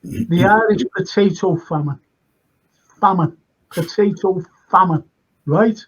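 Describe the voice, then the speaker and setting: A man's voice: high voice, slow, husky, rough recording. An older man with a Liverpool accent, a retired lecturer chatting as a guest in a rambling, emphatic way that keeps repeating phrases. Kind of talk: casual conversation.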